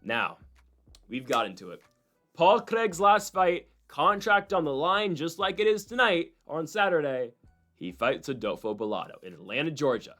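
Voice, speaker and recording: A man with a somewhat high voice talks through fight picks in a loose, rambling way. He gets excitable and keeps dropping quick asides. Faint music plays quietly underneath. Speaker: MMA fight predictions host. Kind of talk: casual fight breakdown.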